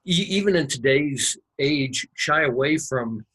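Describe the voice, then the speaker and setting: Husky-voiced male podcast host. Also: fairly high pitch, expressive, measured pace, fairly bright tone, low-quality recording. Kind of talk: casual interview chat.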